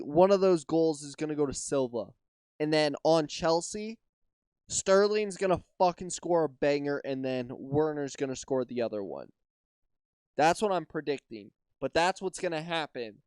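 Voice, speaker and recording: A man's voice: on the high side, a little mellow, smooth, dry recording, studio quality. A young American man hosting a casual solo podcast, swearing freely, trailing off and restarting, tired and yawning. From United States. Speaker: podcast host.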